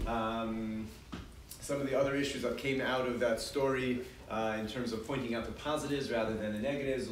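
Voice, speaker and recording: A man's voice: medium pitch, fairly even intonation, brisk, recorded from a distance. A man leads a parenting class in a loose, chatty style, repeating and restarting his words as he talks with the audience. He is picked up from across the room, so the voice comes out roomy, with a faint hum of the space behind it. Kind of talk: casual lecture with audience questions. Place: large hall with an audience. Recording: echoey hall recorded from afar.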